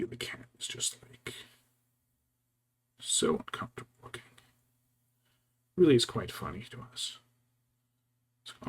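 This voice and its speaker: A man, a VTuber, chatting casually and telling stories while painting miniatures, slipping into quiet whispers and quick mock voices. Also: on the low side, big pitch swings. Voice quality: gravelly and husky. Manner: storytelling, doing brief mock voices for his wife and cats; often drops to a quiet whisper.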